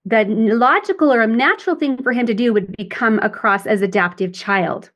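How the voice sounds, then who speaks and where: A middle-aged woman parent coach explains her ideas in a podcast interview. She has a fairly high voice and slips into acted example dialogues to make her points. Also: a little fast, a bit bright, highs cut off.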